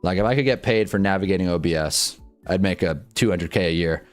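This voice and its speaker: A young man live-streaming commentary on a football awards show, swearing and laughing as he swings from loud outbursts to low mumbles. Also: brisk, faint music behind. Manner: profane, laughs often.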